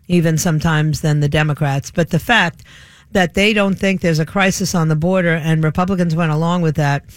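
A woman's voice: fairly low pitch, no echo. A woman hosting a talk radio show, delivering an opinionated, sarcastic monologue into a studio microphone. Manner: sarcastic, scoffing, laughs at the news.

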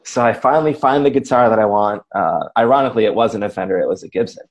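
A man's voice: lowish voice, fast talker. A man in his forties from Wisconsin, a podcast co-host and radio personality, telling a rambling, self-deprecating story full of asides. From Racine, Wisconsin, USA. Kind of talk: casual storytelling chat.

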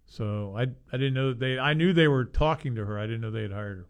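A man's voice: mid-range voice, fast talker. A man hosting a sports talk radio show, chatting casually and thinking aloud. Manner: relaxed, thinks aloud with fillers. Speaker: radio host.

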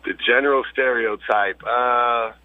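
A man's voice: mid-range voice, fairly even intonation, unhurried, dry recording. A man from the Southern US calling in to a radio show, laid-back and teasing. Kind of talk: phone-in chat. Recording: tinny phone line.

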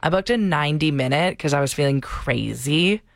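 A woman's voice: deep voice, expressive, normal speed, dry recording, clean studio sound. Playful, teasing female radio co-host. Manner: playful, teasing, laughs often. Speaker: radio morning show co-host. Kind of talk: casual radio banter. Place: radio studio. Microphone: studio mic.

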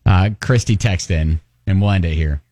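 A man's voice: low voice, normal speed. A man hosting a morning radio call-in show, reacting to callers with frequent laughter. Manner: laughs often, animated reactions.

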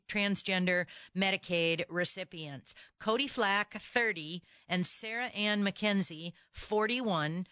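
A woman's voice: medium pitch, bright, forceful tone, clear, resonant tone, dry recording. Fired-up woman talk radio host. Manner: indignant, fired-up rhetorical questions. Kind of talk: opinionated talk radio monologue. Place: radio studio. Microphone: studio microphone.

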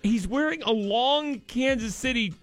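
A man's voice: very high-pitched, unhurried, soft background music. A man hosting a radio show from a studio, reading odd news stories in a jokey way and repeating the punchlines.

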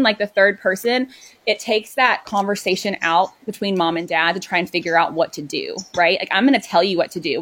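A woman sleep coach talks quickly and earnestly in a relaxed chat. Her pitch sits in the middle for a woman, and she leans on "like" fillers as she explains. Her speech runs along in long strings. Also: no echo. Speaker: sleep consultant. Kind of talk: casual chat.

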